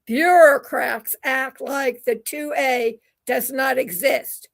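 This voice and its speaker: Slow, high-voiced woman radio commentator. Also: fairly even intonation, gravelly. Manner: sarcastic asides between read quotes. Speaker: radio show host. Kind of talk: opinion commentary reading quotes.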